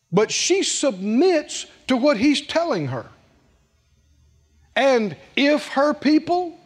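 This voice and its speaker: A man preaching a sermon, calling on the congregation to answer back and swinging between loud bursts and quiet low lines. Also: in a large hall.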